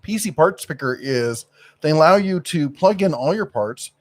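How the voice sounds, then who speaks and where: A man's voice: on the high side, animated, normal speed. A middle-aged man co-hosting a casual live stream, who rambles and often gropes for words with fillers.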